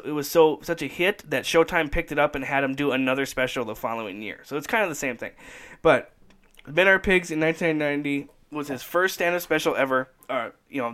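A man's voice: on the high side, fairly bright tone. A man hosting a casual podcast chat, rambling enthusiastically and laughing often. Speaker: podcast host.

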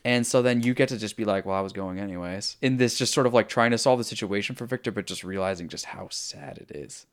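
Speaking quickly with few pauses at a medium pitch, the co-host retells a video game story on a podcast. The chat is casual, and his telling wanders, with cursing and lots of filler words.

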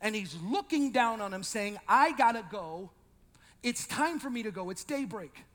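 Man, pastor, very high voice, animated sermon, long reverb. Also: normal speed. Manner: animated, shifts between loud shouting and quiet intensity; joking asides to the congregation.

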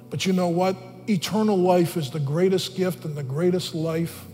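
High-voiced pastor in a reverberant hall. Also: male voice, steady tone, moderate pace, hardly any pauses, warm tone. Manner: earnest, rising in pitch and force for emphasis. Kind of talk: sermon. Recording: long hall reverb, faint music.

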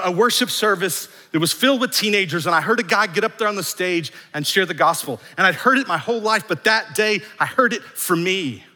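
A male pastor preaches with a bright, forceful voice pitched a little high. His delivery is emphatic, stacking repeated phrases that swell in volume. The sound rings with the long reverb of a large church sanctuary. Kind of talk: sermon.

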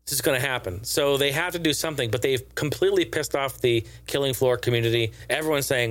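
A man rambles through gaming news in a profane, sarcastic way. His voice sits at a middle pitch and sounds dry and close, with no room echo. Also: fast, few pauses, a bit bright. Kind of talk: casual gaming news commentary.

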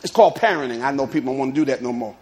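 A man preaching a lively sermon, telling humorous stories and calling out to his congregation. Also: medium pitch, very fast. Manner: animated preaching with humorous stories and call-outs. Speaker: pastor.

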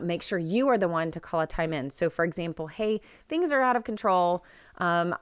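A middle-aged woman hosts a podcast and gives casual, earnest advice, often pausing on "um." Her voice sits low and sounds smooth and clear. The recording is dry and close, with no room echo. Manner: earnest, frequent "um" fillers. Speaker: podcast host.

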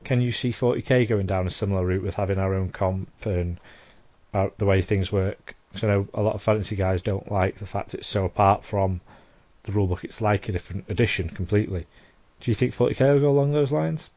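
A podcast host with a lowish, mellow voice who asks questions in an easy, chatty way. His audio is dry and a little dull and lo-fi. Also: a little fast, dry recording. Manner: conversational, asks leading questions. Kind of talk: casual interview.

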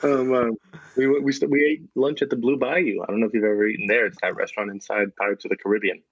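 A man's voice: mid-range voice, quick pace, husky, no room sound, highs cut off. A man co-hosting a casual remote podcast chat, dry and sarcastic in his delivery. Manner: deadpan, sarcastic. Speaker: podcast co-host. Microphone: remote recording.

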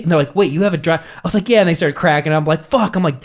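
A young man, telling stories in casual chat and acting out quotes in a jumpy, swearing way. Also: quick pace. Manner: animated, acts out quotes with jumps in pitch, heavy swearing.

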